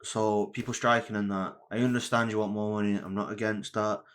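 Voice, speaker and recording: Slangy young man, low voice. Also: flat delivery, fairly quick, a bit bright. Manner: rambling, slangy, swears freely. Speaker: podcast co-host. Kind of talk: casual chat.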